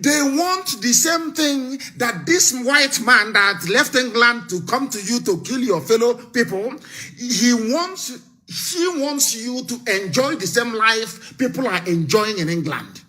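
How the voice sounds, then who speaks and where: Fiery high-voiced man speaking. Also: lively intonation, slow, soft background music. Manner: fiery, full of rhetorical questions, bursts into shouting. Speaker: political broadcaster. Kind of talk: impassioned live broadcast speech.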